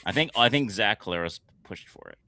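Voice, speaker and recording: A man's voice: on the low side, animated, brisk, bright, forceful tone, no room sound. A man co-hosting a casual sports podcast, cutting in with incredulous jokes. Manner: incredulous, jokey interjections. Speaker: podcast co-host.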